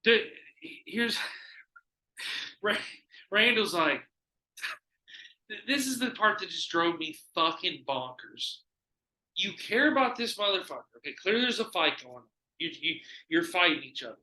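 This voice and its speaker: A man hosting a podcast, telling stories in casual chat, animated and full of swearing. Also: high-pitched, a little slow, pauses often, reverberant, rough recording. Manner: animated, profane storytelling. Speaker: podcast host.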